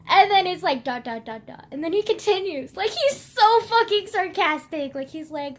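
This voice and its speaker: Chatty young woman with a high voice. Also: animated, normal speed, hardly any pauses. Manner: rambling, heavy filler "like", swears often. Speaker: vlogger reviewing a book. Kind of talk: casual chat.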